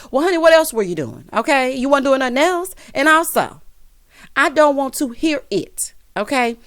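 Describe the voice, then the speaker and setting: This woman's voice is high-pitched and a little fast, recorded dry with clean studio sound. As a recap vlogger, she goes over a reality show in a sassy, playful, animated way, mimicking cast members' quotes.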